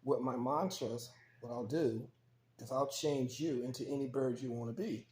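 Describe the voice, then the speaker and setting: A man voicing a calm, kindly male monk in a spoken story, gentle and reassuring. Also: medium pitch, normal speed, reverberant, a little hiss or hum, natural voice.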